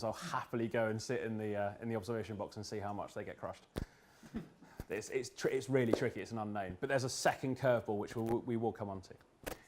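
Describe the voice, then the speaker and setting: Male speaker for a live talk, wry, jokey, quick asides, mid-pitched. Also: a little mellow, slight background noise. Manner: joking, quick asides, restarts. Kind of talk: humorous presentation. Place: event room with an audience.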